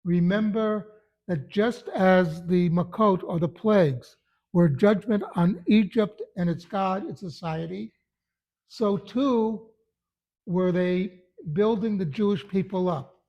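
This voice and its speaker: A man's voice: sits high, takes it slowly, muffled recording. A man who is a religious teacher, giving a short Torah talk in an earnest, emphatic storytelling manner.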